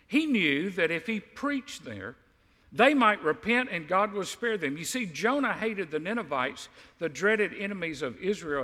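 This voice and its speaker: A male preacher with a high, bright voice that rises and falls as he tells the story. He acts out what each person says and throws in asides. The sound carries a long echo from a large hall. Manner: animated storytelling, acting out quotes. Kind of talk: sermon.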